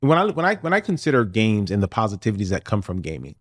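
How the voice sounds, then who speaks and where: A man in his thirties co-hosting a gaming podcast, talking in an easygoing, drawn-out way with lots of fillers. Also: on the low side, wildly swooping pitch, dry recording, studio quality. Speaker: podcast co-host. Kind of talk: casual chat.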